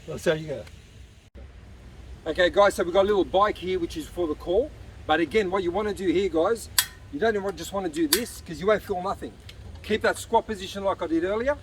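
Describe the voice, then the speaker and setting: Traffic noise comes through the distant outdoor mic as a fitness coach leads a casual workout at a beach park. His voice is high and brisk, and he sounds slightly out of breath while cheering viewers on mid-exercise.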